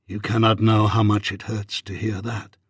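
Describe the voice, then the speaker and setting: A man voicing an earnest, remorseful young Regency husband in an audiobook, with a husky, pleading delivery. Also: on the low side, monotone, moderate pace, dry recording, studio quality. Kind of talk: audiobook reading.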